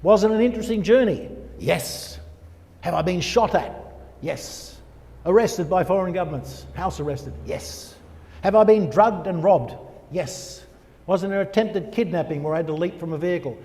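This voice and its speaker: An older man giving a personal testimony as a guest speaker, animated and asking himself rhetorical questions. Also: high voice, moderate pace. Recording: long reverb of a church hall.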